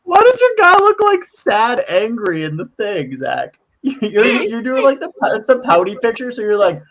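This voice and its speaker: A man's voice: extremely high pitch, wildly swooping pitch, normal speed, a bit bright. A laid-back man co-hosting a casual sports podcast, teasing the others.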